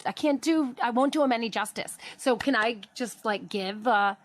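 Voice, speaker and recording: A woman's voice: on the high side, normal speed, slight background noise. A woman comedy panelist chatting casually, stammering at times, and encouraging others. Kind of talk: casual chat.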